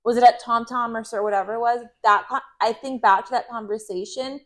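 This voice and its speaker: Chatty American woman, high voice. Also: steady tone, a little fast, fairly bright tone. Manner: chatty, swears casually, laughs often. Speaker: podcast co-host. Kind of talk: casual chat.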